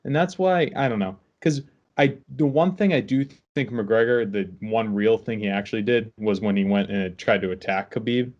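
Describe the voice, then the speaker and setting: A man's voice: fairly low pitch, moderate pace, darkish tone. A man co-hosting a casual sports podcast, laid-back and opinionated, rambling through his points. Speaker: podcast co-host. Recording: dull lo-fi sound.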